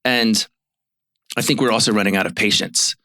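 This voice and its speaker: A man's voice: on the low side, fairly even intonation, moderate pace, sharp tone, no room sound. A man who hosts a marriage therapy show, talking casually and rambling with many fillers and restarts. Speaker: marriage therapist and podcast host. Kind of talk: casual chat.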